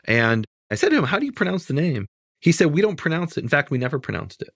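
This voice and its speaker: A man's voice: fairly high pitch, sing-song, quick pace, gravelly, a bit bright, dry recording, clean studio sound. Emphatic man explaining Hebrew words. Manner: emphatic, dismissive of errors, explanatory. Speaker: Bible teacher. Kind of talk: teaching conversation.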